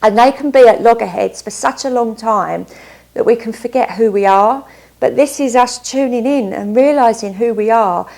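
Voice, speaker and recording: A woman's voice: on the high side, normal speed, gravelly, a little mellow. A woman doing a casual tarot card reading, upbeat and chatty, often stopping to add asides. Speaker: tarot reader.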